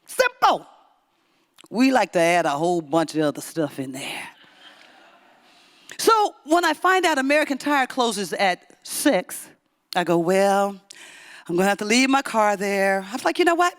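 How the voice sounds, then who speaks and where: Animated woman preaching a Sunday talk. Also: normal speed. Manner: animated storytelling, acting out voices with big pitch swings. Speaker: guest speaker. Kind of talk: Sunday sermon with storytelling.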